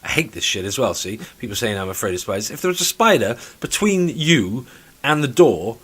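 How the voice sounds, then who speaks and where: A man's voice: medium pitch, big pitch swings, brisk, a bit bright, slightly rough. Male co-host, blunt and playful, swears freely in casual chat. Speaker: podcast co-host.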